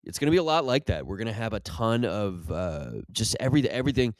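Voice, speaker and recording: Low-voiced man rambling comic monologue. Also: animated, quick pace, few pauses, dry recording. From Irish family background. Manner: rambling, self-interrupting, mock-ad voice bursts. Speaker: comedian host. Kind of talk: casual comedic monologue.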